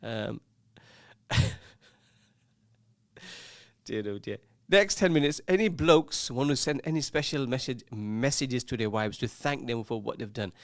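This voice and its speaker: A man's voice: mid-range voice, measured pace, pauses often, no echo, studio quality. A man presenting a casual radio show, chatting, teasing his co-host and reading out listener messages. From England. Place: radio studio. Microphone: studio microphone.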